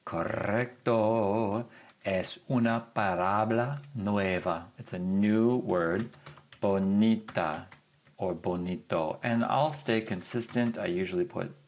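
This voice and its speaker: Slow, relaxed man teaching a lesson. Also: fairly low pitch. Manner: relaxed, chatty, thinks aloud with ums. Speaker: Spanish teacher. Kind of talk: casual screen-share lesson narration.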